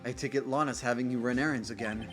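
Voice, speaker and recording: A man voicing a gruff, loud male police detective who speaks bluntly and calls people pal, reading game dialogue aloud. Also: medium pitch, fairly even intonation, fast, soft background music, close to an everyday voice. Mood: grumbling.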